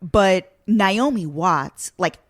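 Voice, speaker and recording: A woman's voice: on the low side, expressive, drawn-out words, no echo, studio quality. A woman hosting a casual podcast chat, candid and chatty, with loose, rambling phrasing. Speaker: podcast host.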